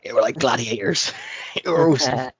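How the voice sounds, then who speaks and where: Husky man, jokey podcast host. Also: mid-range voice, a little fast, no room sound. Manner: jokey, self-mocking, laughs often. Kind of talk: casual chat.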